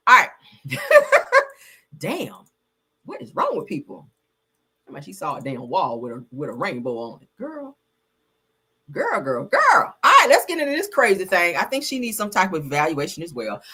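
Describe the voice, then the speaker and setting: A woman hosting a livestream, reading news aloud and reacting in a sassy, animated way, swearing and calling her viewers baby and girl. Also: low-pitched, normal speed, long pauses, breathy edge. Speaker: livestream host. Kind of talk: casual news commentary and ranting.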